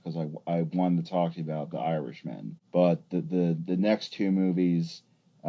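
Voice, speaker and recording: A man hosts an interview in an easygoing, affirming way. His voice is very deep. The sound is dull and lo-fi. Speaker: podcast host. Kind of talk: interview questions. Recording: muffled, lo-fi sound.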